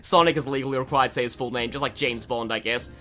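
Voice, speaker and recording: A man's voice: medium pitch, fairly even intonation, fast talker, a bit bright. An Australian man giving casual, rambling game commentary, full of fillers and laughter. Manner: rambling, chatty, laughs often, many fillers. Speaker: gaming video host. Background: faint game music.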